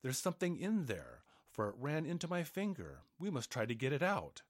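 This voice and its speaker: A man's voice: medium pitch, huge pitch swings, normal speed, dry recording, studio quality, voice pushed up. A man reading a storybook aloud, putting on a raised voice for a fussing, obedient giant's wife. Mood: alarmed. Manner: raised, fluttery voice.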